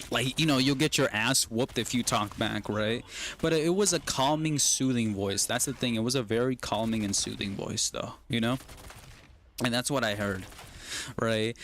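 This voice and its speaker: A man's voice: medium pitch, fairly bright tone, a little hiss or hum. A young man telling a long personal story on a casual stream, rambling and tagging nearly every phrase with "right?". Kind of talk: casual chat while gaming on a stream.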